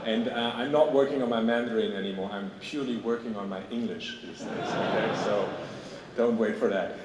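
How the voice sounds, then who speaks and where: A man's voice: on the low side, a little fast. A man with a German accent giving a conversational keynote at an industry event, often checking in with "okay?". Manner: conversational, tags points with "okay?". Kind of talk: conference keynote speech. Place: large conference hall on stage. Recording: echoey hall, distant mic, faint noise.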